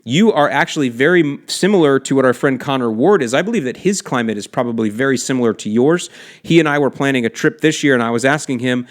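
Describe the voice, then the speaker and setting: A man's voice: mid-range voice, animated, fast talker. A man hosting a lawn care podcast, explaining soil temperatures in a chatty, enthusiastic way with slangy asides. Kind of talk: casual explanatory podcast talk. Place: lives in South Florida.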